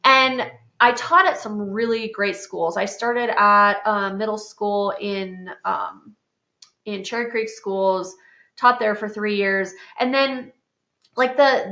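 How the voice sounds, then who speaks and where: A woman's voice: medium pitch, bright, forceful tone. A woman in her thirties from South Dakota, hosting a podcast and telling her own story in a chatty, candid way, full of "like" and the odd swear word. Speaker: podcast host. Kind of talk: casual personal storytelling. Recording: roomy, slightly dull podcast sound.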